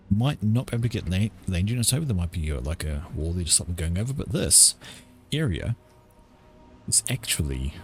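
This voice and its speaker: A man casting a strategy game with casual play-by-play commentary, chatty and joking in his asides. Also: lowish voice. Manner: chatty, with offhand jokes and asides. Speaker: game caster.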